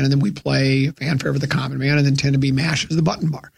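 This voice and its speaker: A man's voice: mid-range voice, little pitch movement, normal speed, vocal fry. A man hosting a radio talk show, chatting casually and rambling with many restarts.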